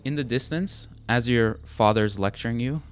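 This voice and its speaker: A man's voice: mid-range voice, moderate pace, clear, resonant tone. A man narrating as game master, describing scenes in detail and sometimes repeating words as he thinks.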